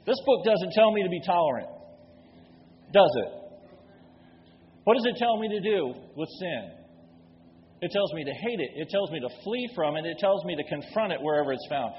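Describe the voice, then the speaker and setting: A man's voice: high-pitched, lively intonation, moderate pace, pauses often, slight background noise. A man preaching a sermon from the pulpit, building force with emphatic rhetorical questions. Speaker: pastor. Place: church sanctuary. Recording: dull recording with long hall reverb.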